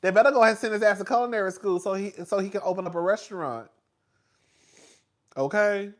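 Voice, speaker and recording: A young man with a high voice dishes on reality TV in a loose, gossipy monologue. He laughs often, leans hard on fillers, and jumps louder and higher when he gets excited. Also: fast talker. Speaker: reality TV commentator. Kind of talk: casual reality TV recap.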